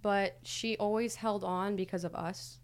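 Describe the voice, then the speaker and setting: A young adult woman appears as a podcast guest, candidly recounting her past in a casual, hesitant way full of fillers. Her mid-range voice holds a steady tone and moves a little slowly.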